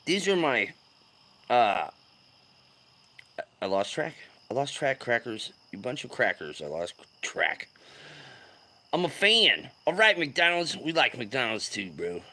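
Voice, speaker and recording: A man hosting a fishing livestream, chatting casually and loudly greeting viewers with slang. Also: mid-range voice, very animated, slow, pauses often. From California.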